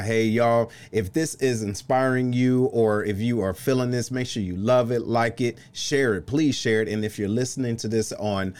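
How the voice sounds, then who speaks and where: A man hosting a live-streamed interview show, lively and excitable, shouting out viewers. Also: medium pitch. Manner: lively, excitable, laughs loudly. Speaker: host.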